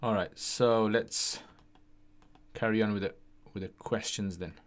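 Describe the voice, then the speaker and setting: A man's voice: on the low side, fairly even intonation, a little slow. A man hosting a casual livestream Q&A, chatty and often tagging his sentences with "yeah?". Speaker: livestream host answering questions.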